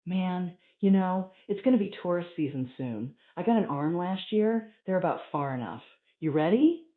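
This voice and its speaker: A man doing lazy chatting cheetahs. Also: normal speed. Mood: laid-back. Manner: low, relaxed, offhand. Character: two laid-back male cheetahs chatting before a hunt. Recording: tinny, roomy live recording.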